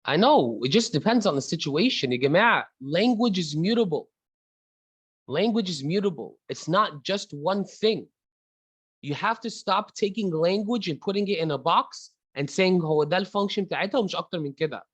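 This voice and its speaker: A man's voice: sits high, expressive, fast, breathy edge, dry recording, low-quality recording. A man with an Egyptian accent teaching an online class. He switches between English and Arabic mid-sentence and calls on students by name. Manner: chatty, addresses students by name.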